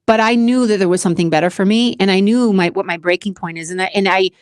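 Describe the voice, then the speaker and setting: An earnest woman talks through a personal motivational monologue on her own channel. She repeats key phrases for emphasis and keeps an everyday mid-range pitch. The recording is dry and close, with no room sound. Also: quick pace, clear, resonant tone, no room sound. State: close to tears at times. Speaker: channel host.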